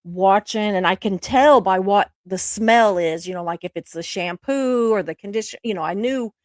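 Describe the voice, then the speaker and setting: A woman co-hosting a casual chat show, telling a story in a drawn-out, playful way and quoting people in a low voice. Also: no echo. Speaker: co-host.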